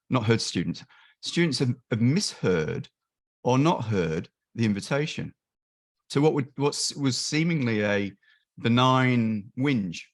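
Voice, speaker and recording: Animated man explaining on a call. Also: mid-range voice. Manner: animated, acts out callers and helpers in quick quoted voices; frequent restarts and self-corrections. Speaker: volunteer crisis line trainer. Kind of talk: webinar discussion. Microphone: video call.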